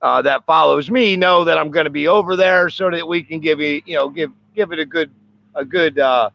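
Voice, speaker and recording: Gravelly man on a muffled call. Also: on the high side, brisk. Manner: rambling, lots of fillers. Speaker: stream guest, fellow YouTuber. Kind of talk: casual live-stream chat. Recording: muffled web-call audio.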